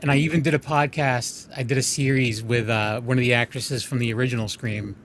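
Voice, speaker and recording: A man's voice: medium pitch, steady tone, brisk, fairly bright tone, slight background noise. Casual male podcast host. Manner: casual, lots of "like" fillers.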